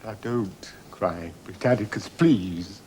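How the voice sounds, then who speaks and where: A halting, weary old Roman emperor. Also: male voice, deep voice, a little mellow. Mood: earnest. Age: older. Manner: hesitant, halting, earnest. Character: aging male Roman emperor, weary, tender father. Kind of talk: 1970s television period drama.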